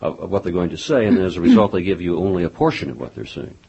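A man hosting a radio interview in a studio, speaking in a relaxed, measured way with filler pauses. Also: sits low, gravelly, breathy edge, poor audio. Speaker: radio host.

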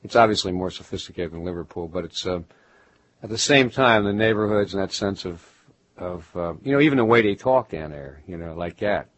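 Deep husky-voiced man musing, halting. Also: dry recording, rough recording. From Baltimore. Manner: musing, halting, with many restarts and fillers. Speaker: writer, interview guest. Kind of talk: reflective conversational interview.

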